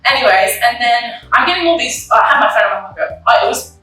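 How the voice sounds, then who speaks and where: A young woman speaks openly in a bright voice, full of likes and ums, often acting out what she and others said back then. She sounds a little off the microphone, in a very echoey room. Faint music plays under her. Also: fairly high pitch, expressive, fast talker, recorded from a distance. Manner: candid, emotional, retells her own past dialogue, many likes and ums. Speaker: interview guest. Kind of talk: personal conversation about grief.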